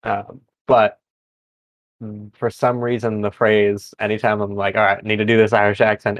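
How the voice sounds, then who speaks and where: A young man hosting a podcast in casual chat, easygoing and quick to laugh along. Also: fairly low pitch, level tone, no echo. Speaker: podcast host. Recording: dry, dull lo-fi recording.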